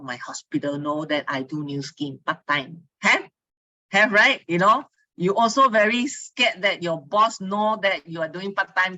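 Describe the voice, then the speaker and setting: A woman's voice: medium pitch, sharp tone, no echo, dull audio. A woman with a Singaporean English accent telling her story to a team in a casual online talk, chatty and full of local particles. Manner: chatty storytelling, Singlish particles, frequent laughs; asks listeners for agreement. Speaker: speaker giving a testimony to a team.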